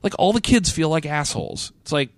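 Male podcast co-host, slightly high-pitched, dry sound, loose and profane. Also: big pitch swings, brisk, dry recording. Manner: sweary, laughs often. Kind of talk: casual chat.

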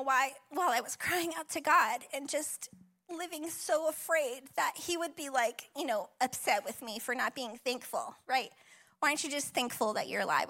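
A woman in her thirties, a pastor giving a personal testimony sermon in a church, conversational, emotional and encouraging. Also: high voice. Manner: emotional, tearful at times, warm and encouraging; conversational with frequent fillers and laughs. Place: church auditorium.

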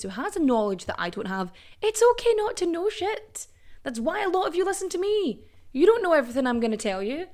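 A young woman hosting a history podcast in casual, animated chat, swearing freely. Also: fairly high pitch. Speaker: podcast host.

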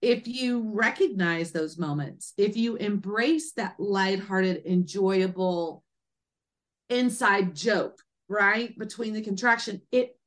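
A woman guest, an author and doula, telling a personal story with animated energy and acting out quoted speech. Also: medium pitch, slow pace. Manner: lively, acts out quoted speech in a raised voice.

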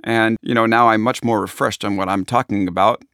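A low-pitched man with a Long Island accent talks casually about his book. He sounds chatty and pokes fun at himself. The recording is dry and close, with no room sound. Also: fairly even intonation, a little fast, fairly bright tone, dry recording. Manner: chatty, self-deprecating. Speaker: author. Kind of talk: casual interview answers.

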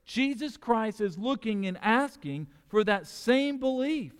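A man preaching a sermon as pastor, animated, with quick restarts and acted-out quotes. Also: high voice, clean tone, big-room sound. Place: church sanctuary.

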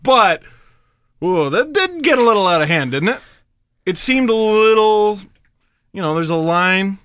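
A man co-hosting a hockey podcast in casual chat, animated and sarcastic, quick to joke. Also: high voice, smooth, dry recording, clean studio sound. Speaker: podcast co-host.

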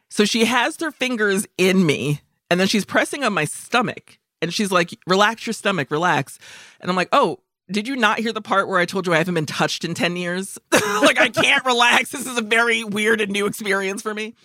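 A woman's voice: medium pitch, bright, forceful tone, no echo, clean studio sound. A woman in her forties telling a story on a podcast with plenty of profanity, acting out the other people's lines. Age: 40s. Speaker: podcast co-host. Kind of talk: casual comedic storytelling.

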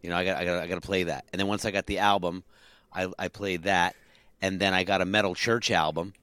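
A middle-aged man with a lowish voice talks animatedly on a podcast about the albums he learned on drums. He is recorded close on a dry studio mic. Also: fast talker, smooth, dry recording. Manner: animated, hums drum fills. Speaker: podcast co-host and drummer. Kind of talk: casual chat.

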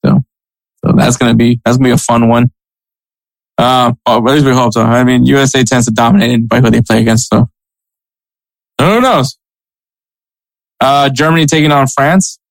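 A man's voice: mid-range voice, fairly even intonation, normal speed, pauses often, no echo, low-quality recording. A man co-hosting a casual soccer podcast, chatting with frequent laughs and reading sponsor spots. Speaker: podcast co-host.

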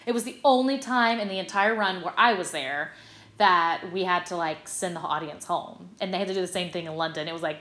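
A middle-aged actress telling stories in a casual interview, animated and full of fillers. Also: female voice, fairly low pitch, a little fast, echoey room. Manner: bubbly, animated storytelling with many fillers. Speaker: guest, stage actress.

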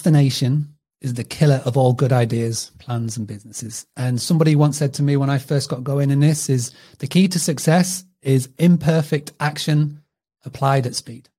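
Mellow-voiced Northern English man chatting. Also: medium pitch, steady tone, normal speed, husky. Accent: Northern English, mixed. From England. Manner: chatty, restarts often, laughs a lot. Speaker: podcast guest. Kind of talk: casual interview chat.

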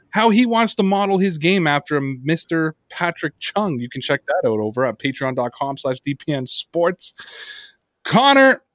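A man hosting a sports podcast, telling stories in a casual, profane, animated way. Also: on the high side, no echo, studio quality. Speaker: podcast host.

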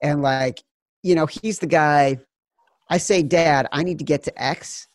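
Fired-up, swearing sports betting host. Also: male voice, on the high side, fairly even intonation, measured pace, no echo, clean studio sound. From Chicago suburbs, US. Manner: fired up, profane, rambling. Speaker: podcast host. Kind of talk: casual sports betting chat.

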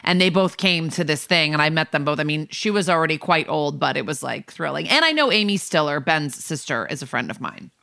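A woman's voice: sits low, animated, fairly quick, creaky, few pauses, bright, forceful tone, no echo, studio quality. A woman co-hosting a podcast, talking in an eager, explanatory way and sharing stories with enthusiasm. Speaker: podcast co-host. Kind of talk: casual chat.

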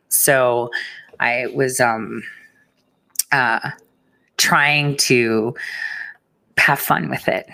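A woman's voice: very deep voice, vocal fry, sharp tone. A woman hosting her own commentary channel, rambling and teasing her viewers with fillers and frequent giggles. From United States. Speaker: political commentary host. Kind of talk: casual monologue to viewers.

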